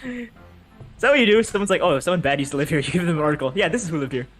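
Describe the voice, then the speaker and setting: A man's voice: on the high side, lively intonation, rapid-fire, a bit bright, soft background music. A man chatting casually while playing a game with friends, rambling and restarting his sentences. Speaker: let's-play player. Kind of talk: casual chat over a game.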